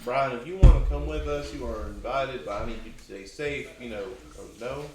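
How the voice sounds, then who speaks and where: A man's voice: mid-range voice, brisk, loud music behind the voice. A man playing a tabletop game, talking in an easygoing way and stumbling over his words. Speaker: player. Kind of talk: casual tabletop play. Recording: echoey room, distant mic, background noise.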